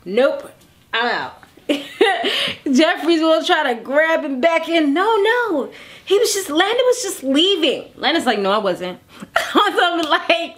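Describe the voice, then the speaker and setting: A woman's voice: very high voice, very animated, slow pace, a bit bright. A woman chatting casually through a TV episode recap, laughing often and acting out the characters' lines. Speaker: TV recap vlogger.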